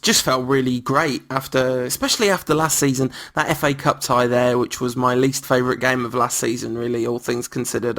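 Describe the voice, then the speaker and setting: A man hosting a casual football podcast, chatty and self-mocking with quick asides. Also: medium pitch, a bit bright. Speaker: podcast host.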